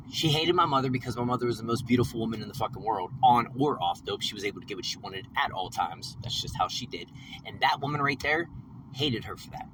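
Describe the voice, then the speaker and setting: A man ranting in a rambling vlog, agitated and profane, repeating himself as he tells his story. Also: medium pitch. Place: in a vehicle after work. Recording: distant mic with faint vehicle noise.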